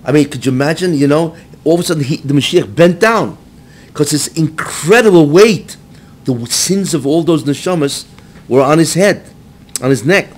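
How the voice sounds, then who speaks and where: A man, a rabbi, teaching a class to a live group. He mixes Hebrew phrases into his English, keeps checking in with "right?", and rises to near-shouting when he acts out the text. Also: moderate pace. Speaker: rabbi giving a Torah class. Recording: faint low rumble behind.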